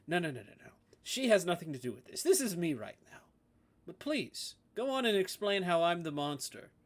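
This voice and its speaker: A man's voice: sits high, very animated, moderate pace. A man voicing a menacing male crime boss who mocks and sneers. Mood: mocking. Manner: sneering and sarcastic.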